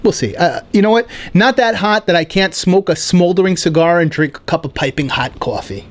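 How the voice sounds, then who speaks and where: A man hosting a comedy podcast, riffing in a rambling, animated, self-mocking monologue indoors. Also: high-pitched, brisk, slight background noise. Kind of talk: casual rambling stand-up monologue. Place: indoor room.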